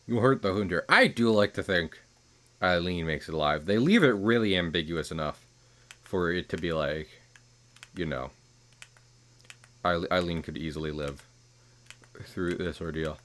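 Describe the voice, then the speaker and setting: A man giving casual, rambling commentary while streaming a game, chuckling at his own jokes and trailing off into quieter asides. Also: low voice, normal speed, long pauses.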